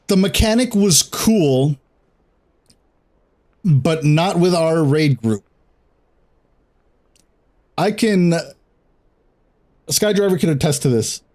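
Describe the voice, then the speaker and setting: Casual young male streamer with a slightly high voice, rambling and profane. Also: a little mellow. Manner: rambling, swears a lot, laughs often. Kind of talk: casual chat while gaming.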